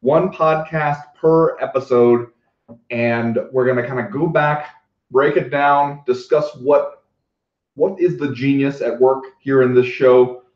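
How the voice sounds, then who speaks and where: A man's voice: mid-range voice, steady tone, slow pace. A man co-hosting a podcast, chatting casually with enthusiasm and wry self-deprecating asides. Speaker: podcast co-host. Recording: roomy, dull lo-fi sound.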